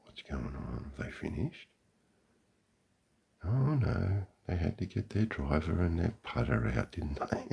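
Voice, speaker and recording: A man's voice: low-pitched, sing-song, takes it slowly, vocal fry, pauses often, breathy edge, lo-fi sound. An Australian man giving a sarcastic, profane running commentary outdoors beside a golf green. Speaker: vlogger.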